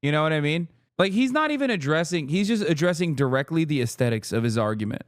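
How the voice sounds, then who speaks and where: Man live streaming, animated, profane, smooth clear voice, dry close sound. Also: a little high, quick pace, dry recording. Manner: animated, profane, bursts of loud laughter. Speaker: streamer reacting to a clip. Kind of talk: casual live-stream commentary.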